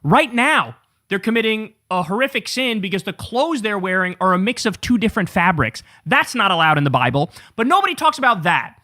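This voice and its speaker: Sarcastic, profane man with a high voice. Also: sing-song, fairly quick, bright, forceful tone, no room sound, clean studio sound. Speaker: political commentary host. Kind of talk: heated political commentary.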